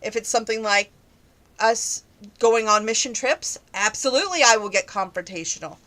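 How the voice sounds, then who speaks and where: A woman's voice: on the high side, moderate pace, pushed and bright. A young woman answering viewer questions in a casual, opinionated chat that grows heated on some topics.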